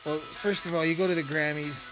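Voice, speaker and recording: A man's voice: a little high, steady tone, fairly quick. A man rambling through a profane, joking casual monologue as a podcast host. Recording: music playing behind.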